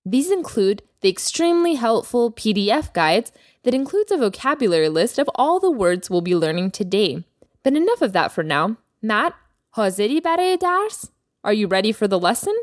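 A woman hosting a language lesson podcast as the teacher, speaking clearly and slowing down to model new words. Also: fairly high pitch, very animated, no echo, studio quality. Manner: clear teacherly delivery, slows down for vocabulary. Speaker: Persian teacher, podcast host.

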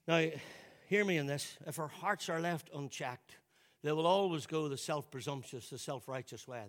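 A man's voice: mid-range voice, fairly bright tone. A man preaching a sermon in a church service, emphatic and given to repeating words as he presses his points. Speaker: pastor.

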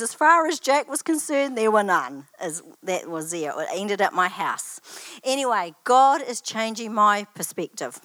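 An older woman gives a personal testimony in a church setting. Her voice sits at a middling pitch, and she talks in a chatty, anecdotal way, wandering into asides as she tells her stories. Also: very animated, unhurried, a bit bright, no echo. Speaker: church student giving a testimony.

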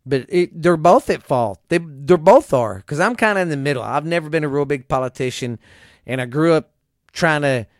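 A man's voice: a little high, lively intonation, normal speed, no room sound, studio quality. A man, ranting angrily about politics to his viewers, swearing often and mimicking people he disagrees with. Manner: profane, exasperated, mocking voices of others. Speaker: vlogger. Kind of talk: angry political rant to camera.

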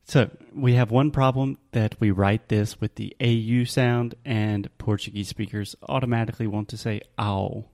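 Southern guy teaching english sounds, low gravelly voice, mellow, slow and patient. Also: fairly even intonation. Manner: patient, explains slowly with examples. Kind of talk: casual teaching chat.

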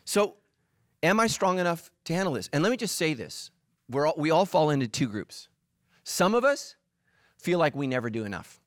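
A middle-aged pastor delivers a humorous sermon, animatedly acting out voices and quotes as he tells his stories. His voice is fairly high-pitched and moves at a normal speed. The audio is studio quality with no echo.

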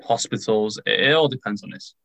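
A man's voice: fairly low pitch, a little fast, creaky, fairly bright tone, no echo. A man co-hosting a casual podcast, talking in an upbeat and agreeable way. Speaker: podcast co-host.

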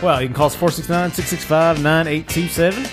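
A man's voice: on the high side, fairly even intonation, fairly quick, music in the background. A man hosting a podcast in casual banter, teasing his co-hosts and reading out listener mail. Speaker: podcast host.

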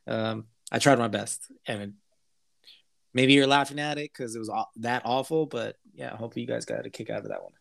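A laid-back man co-hosting a podcast, joking and self-mocking in loose casual chat. His voice sits at a middle pitch and is recorded close and dry. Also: big pitch swings, moderate pace, creaky, long pauses, no room sound. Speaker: podcast co-host.

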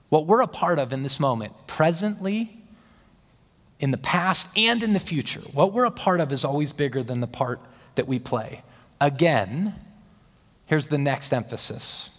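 A man's voice: on the high side, lively intonation, moderate pace, a bit bright. A man preaching a sermon as pastor, emphatic, building his points phrase by phrase with rising stress. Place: church hall. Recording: long hall reverb.

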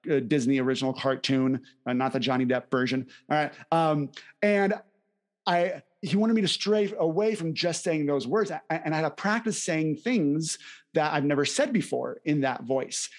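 Young male co-host, bright higher voice, eager and chatty. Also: moderate pace. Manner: upbeat, enthusiastic, laughs often. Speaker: podcast co-host. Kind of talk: casual chat.

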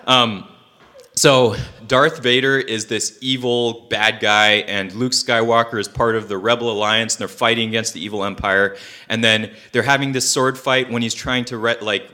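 A man's voice: lowish voice, bright, forceful tone. A young man preaching a casual sermon, chatty and loose, with many fillers and joking asides.

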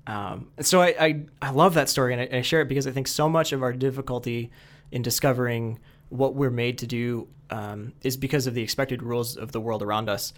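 A man's voice: medium pitch, fairly even intonation, brisk. A man co-hosting a reflective conversation, thinking aloud and telling a parable. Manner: thoughtful, with many fillers and restarts.

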